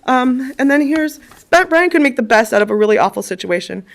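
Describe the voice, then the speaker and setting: A woman's voice: sits high, expressive, a little fast, vocal fry. A woman in her forties giving a eulogy, telling personal stories in a chatty way with frequent ums. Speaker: eulogist at a funeral.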